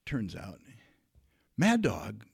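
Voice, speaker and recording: A man from Minnesota telling a comic story in a lively, animated way. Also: fairly low pitch, extremely slow, creaky, husky. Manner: lively, animated telling with big swings in loudness.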